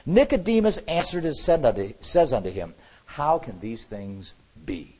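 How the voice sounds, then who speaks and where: A man preaches with big swings in pitch, rising to loud emphasis and dropping to quiet asides. His voice is husky and a bit higher than most men's. The recording sounds dull and lo-fi. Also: big pitch swings, moderate pace. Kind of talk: sermon.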